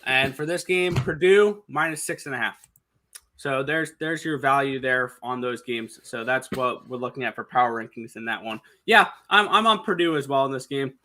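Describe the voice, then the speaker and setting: A man co-hosting a sports betting show, talking quickly through point spreads and picks with frequent restarts. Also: medium pitch, pushed and bright. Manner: fast, number-heavy with frequent restarts. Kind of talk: casual picks talk.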